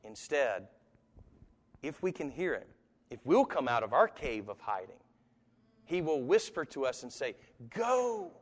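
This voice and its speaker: A man's voice: medium pitch, sing-song, measured pace, pauses often. A man preaching a live sermon to an audience, talking conversationally with sudden emphatic rises and occasional chuckles. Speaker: pastor. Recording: long hall reverb.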